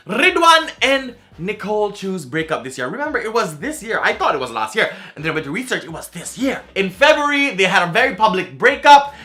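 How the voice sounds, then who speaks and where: A man's voice: sits high, bright, forceful tone. A young man with a Singaporean English accent, hosting a comedic countdown vlog in a theatrical, sing-song way. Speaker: vlogger.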